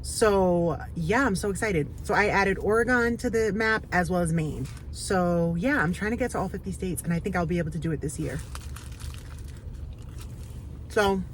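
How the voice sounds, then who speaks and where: A woman's voice: on the low side, a little fast, few pauses, a little hiss or hum, poor audio. A woman chatting casually to camera for her small business vlog, talking in an upbeat, rambling way with lots of fillers. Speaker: small business owner vlogging.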